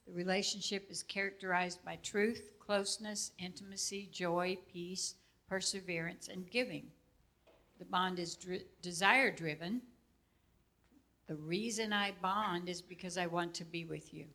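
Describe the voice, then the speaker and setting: A woman's voice: on the low side, steady tone, a little slow, sharp tone. A woman steadily reading through a numbered list, as in a lesson.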